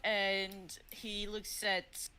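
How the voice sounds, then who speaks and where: A woman's voice: mid-range voice, little pitch movement, drawn-out words, bright, forceful tone, smooth, low-quality recording. A woman running a tabletop game as game master, laid-back and swearing often, laughing along with her players. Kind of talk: narrating a tabletop game with crude humor.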